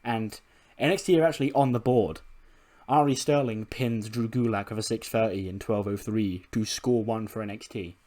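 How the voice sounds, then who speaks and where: A man and gaming channel host, casually narrating a game recap with animated storytelling and frequent laughter. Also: fairly low pitch, moderate pace. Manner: animated storytelling, acting out characters, laughing often.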